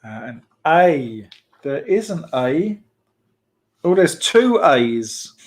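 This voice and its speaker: A man with a slightly high voice hosts a children's church club, talking casually to kids and families. He is playful and talkative, laughs easily, and stops often for an um or uh. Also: sing-song, extremely slow. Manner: chatty and playful, with frequent laughs and fillers. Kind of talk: casual online hosting for children.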